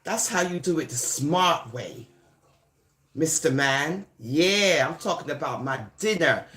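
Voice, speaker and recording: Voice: mid-range voice, bright, forceful tone. A speaker from Jamaica, delivering a teasing, taunting comic monologue and drawing words out. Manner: teasing, sing-song, drawn-out words.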